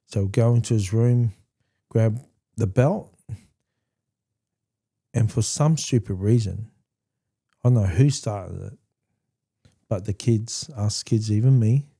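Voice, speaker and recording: A man hosting a podcast, telling a personal story candidly in a halting way with frequent restarts. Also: lowish voice, creaky, warm tone. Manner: candid and plainspoken. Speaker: podcast host.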